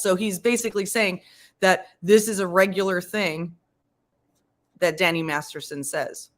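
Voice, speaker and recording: A woman's voice: mid-range voice, measured pace, a bit bright. A woman hosting a live stream, giving casual commentary, rambling and often restarting as she searches for words.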